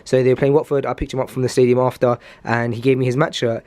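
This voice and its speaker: A young man, talking to camera in a rambling, excitable vlog style, full of fillers and restarts. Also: mid-range voice, fast. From Pakistani heritage. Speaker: vlogger and podcast host.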